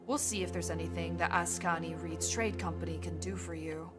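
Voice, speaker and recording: A woman voicing a confident orc woman trader in a game, speaking in a measured, friendly tone. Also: fairly low pitch, fairly even intonation, over loud music, pitched below the performer's own voice, lightly acted.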